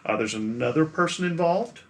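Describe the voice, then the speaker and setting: A man's voice: on the high side, animated, a little fast. A man running a tabletop game as game master, narrating in an easygoing, chatty way and laughing often.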